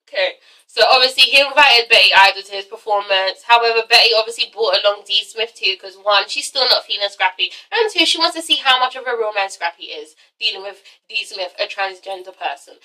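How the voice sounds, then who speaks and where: A woman's voice: medium pitch, expressive, a little fast, pushed and bright, recorded from a distance, low-quality recording. A woman casually recapping an episode in a chatty, profane vlog style, tagging her lines with "all right?". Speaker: vlogger reviewing a TV episode.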